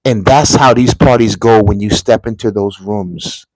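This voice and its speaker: A man's voice: lowish voice, unhurried, no room sound, low-quality recording. A man from the United States giving a casual commentary monologue, telling rambling, emphatic stories.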